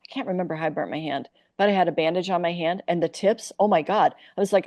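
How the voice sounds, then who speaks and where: A woman's voice: fairly low pitch, fast talker, no echo. A woman from Iowa, a comic actress, telling candid stories in a podcast interview and acting out the people in them. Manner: animated, acts out quoted voices.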